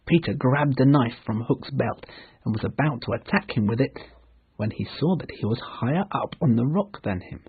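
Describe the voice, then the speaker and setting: A man reading a storybook aloud for English learners, slowly and clearly. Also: medium pitch, lively intonation, narrow, tinny audio, a little hiss or hum. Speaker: narrator.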